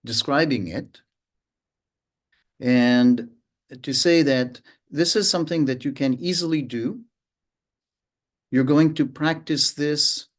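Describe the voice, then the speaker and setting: Man, mindfulness teacher, unhurried, pausing often, calm lesson delivery, mid-pitched voice. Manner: unhurried, pauses often, hums and vocalizes rhythms to illustrate. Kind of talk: slow, reflective lesson.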